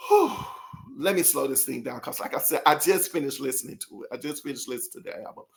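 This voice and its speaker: A man's voice: medium pitch, expressive, quick pace, gravelly. A man hosting a casual album review, rambling and interrupting himself, often breaking into laughter and apologizing as he talks straight to his viewers. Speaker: music reviewer host.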